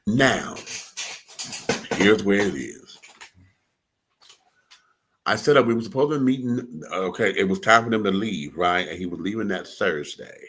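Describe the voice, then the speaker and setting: A man in his forties on a radio talk show, telling a personal story in a lively, profane, animated way. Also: fairly low pitch, unhurried, pauses often, a little hiss or hum. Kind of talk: casual storytelling chat.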